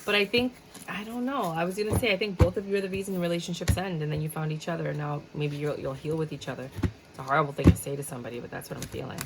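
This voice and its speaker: A woman's voice: low-pitched, steady tone, racing, very noisy. Blunt, chatty woman reading tarot. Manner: blunt, chatty, swears freely. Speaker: tarot reader.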